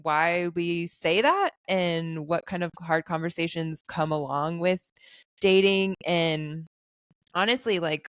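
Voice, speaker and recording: A woman's voice: fairly low pitch, slow, fairly bright tone, smooth, no echo, studio quality. A young adult woman hosting a podcast, chatting casually with friends, often laughing and trailing off into asides. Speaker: podcast host.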